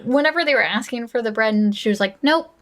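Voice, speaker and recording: A woman co-hosting a podcast, talking casually about a film in a relaxed, chatty way and laughing along. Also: fairly high pitch, fast talker. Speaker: podcast co-host. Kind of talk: casual movie chat.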